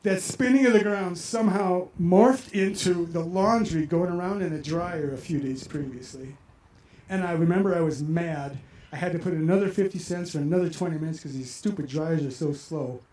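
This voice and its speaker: An older man in his sixties performs a personal story on stage, animated and emotional as he relives his own reactions. His voice sits fairly high for a man yet sounds mellow and warm. The sound is roomy, carried over a stage microphone. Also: moderate pace. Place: outdoor amphitheater.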